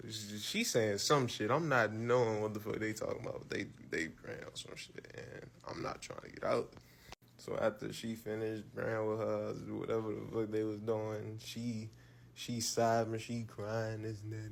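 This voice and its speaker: A man's voice: lowish voice, level tone, normal speed, vocal fry, a little hiss or hum. A man casually telling a personal story, loose and profane, with lots of fillers and repeated words.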